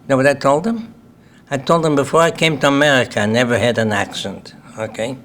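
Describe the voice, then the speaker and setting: Speaking briskly in a medium-pitched, slightly bright voice, with a little hiss or hum in the recording, an older man from Lithuania shares his testimony as a Holocaust survivor in a symposium hall. His Lithuanian-accented talk is plain-spoken, and he often asks the audience "okay?".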